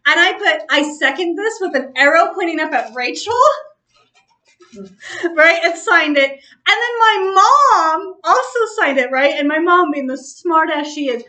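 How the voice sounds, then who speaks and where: A woman's voice: very high-pitched, animated, a little slow, pushed and bright. A woman hosting a casual chat, telling a story with frequent laughter and free swearing. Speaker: host.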